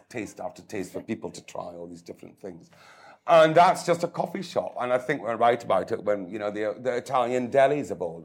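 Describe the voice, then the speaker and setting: An older man, a chef talking with enthusiasm and self-mocking humour in an interview. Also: fairly low pitch. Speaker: chef and cookery writer. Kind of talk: conversational interview.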